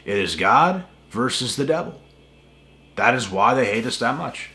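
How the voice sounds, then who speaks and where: Ranting to camera in a casual, repetitive, forceful way, the host of a spiritual channel swears heavily. His mid-range voice sounds animated and sharp, moving at a normal speed.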